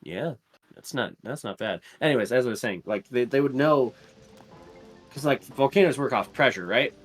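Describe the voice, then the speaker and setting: A man's voice: mid-range voice, animated, moderate pace, faint music behind. A young man co-hosting a gaming show in casual chat, rambling with enthusiasm and many fillers.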